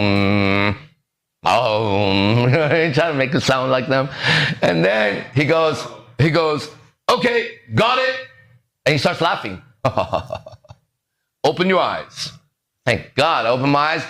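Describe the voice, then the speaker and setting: A man's voice: fairly high pitch, vocal fry, fairly bright tone. A man hosting a podcast, telling a story in a casual, profane way and acting out the other people's voices. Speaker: podcast host.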